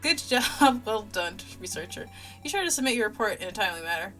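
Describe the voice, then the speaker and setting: A woman's voice: mid-range voice, animated, fairly bright tone, soft background music, lightly acted. A woman voicing a cheerful female lab AI assistant who talks in a chipper, clinical way. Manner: chipper, clinical, briskly upbeat.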